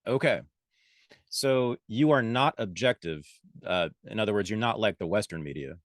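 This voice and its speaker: A man with a fairly low voice hosts the interview and drops wry, dry asides. His sound is close and dry, with no echo around it. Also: animated, normal speed. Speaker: podcast host. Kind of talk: casual interview talk.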